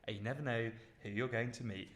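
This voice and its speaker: A man's voice: mid-range voice, steady tone, quick pace. Chatty man reading emails aloud. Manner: chatty, reads listener emails aloud with asides. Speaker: podcast co-host. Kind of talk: casual chat.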